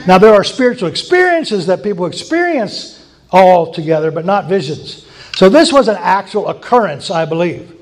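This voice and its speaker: Male preacher, high voice, casual sermon style with laughing asides and repeated emphasis. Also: sing-song, moderate pace. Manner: conversational, chuckling asides, emphatic repetition. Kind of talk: informal sermon teaching.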